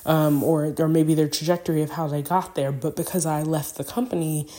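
A woman's voice: low voice, little pitch movement, fairly quick, mellow. A young woman hosting a podcast, talking through a personal reflection in a rambling way with many fillers, open about her feelings. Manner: rambling, filler-heavy, openly emotional. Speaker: podcast host.

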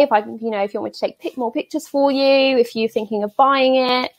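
A woman's voice: high-pitched, steady tone, quick pace, dull audio. A woman chatting casually in a group, gushing with enthusiasm and saying "like" and "literally" often. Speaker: watch enthusiast guest.

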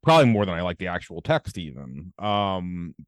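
A man's voice: sits low, very animated, normal speed, no room sound, studio quality. A man hosting a podcast in casual chat, rambling and profane with many fillers. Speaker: podcast host.

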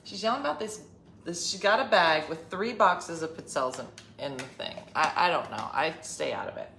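A middle-aged woman with a low, dry delivery tells a family story in casual chat, acting out each side of the argument. Her voice sits well down in pitch. The room adds a clear echo, with a faint hum of ambience behind her. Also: moderate pace. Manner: wry, deadpan storyteller who acts out quoted family arguments. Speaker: podcast host.

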